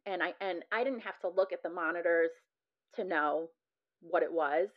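A woman's voice: fairly low pitch, moderate pace. A woman in her thirties, a podcast guest, retelling a frightening experience with many "like" fillers. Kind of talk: recounting a personal story. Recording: muffled lo-fi audio.

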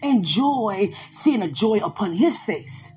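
Woman host, casual faith talk, very expressive pitch, quiet music underneath. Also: slow pace. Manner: animated, laughs often, talks to listeners directly. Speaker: podcast host, preacher and gospel rapper.

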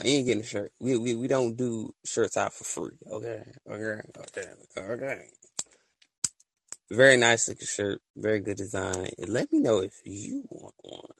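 A man hosting a casual podcast chat, talking to his listeners in a slangy, joking way that swings between loud and soft. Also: on the low side, vocal fry, poor audio. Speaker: podcast host. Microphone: voice-message app.

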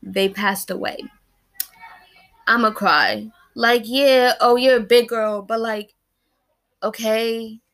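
A woman in her early twenties, with a fairly high, clear and resonant voice that moves little in pitch, speaks slowly. Talking casually to camera about a personal loss, she is rambling and emotional, with many fillers and restarts.

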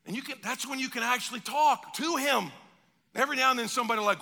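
A pastor delivers an animated sermon, slipping into quick acted-out exchanges. His voice sits high for a man, with a gravelly rasp and a sharp, bright tone. It carries a long hall echo. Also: a little hiss or hum. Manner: animated preaching with acted-out dialogue.

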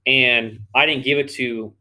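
Man, podcast co-host, casual chat, rambling anecdotes, laughs a lot, mid pitch. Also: fairly even intonation, unhurried, pushed and bright. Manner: rambling storyteller, laughs often. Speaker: youth flag football coach.

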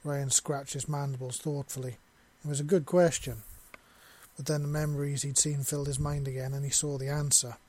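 A man reads a science fiction story aloud in a steady, plain way. His voice is mid-pitched for a man, neither high nor low. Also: brisk. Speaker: narrator. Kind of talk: storybook reading.

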